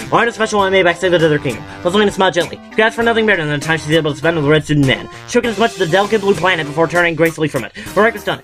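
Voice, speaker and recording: A man's voice: sits high, a bit bright. A man reading a fan story aloud, stumbling over words and restarting again and again, with self-mocking asides. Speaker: fan fiction reader.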